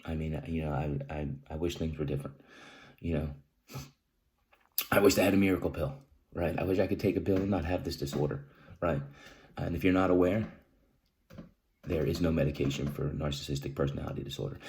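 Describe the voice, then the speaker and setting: Deep-voiced man, emotional, blunt, repetitive advice, faint hiss behind. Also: darkish tone. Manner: emphatic, repeats key phrases, says "right?" often; halting, restarts, clears throat often. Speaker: vlogger sharing personal experience. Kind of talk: earnest direct-to-camera advice talk.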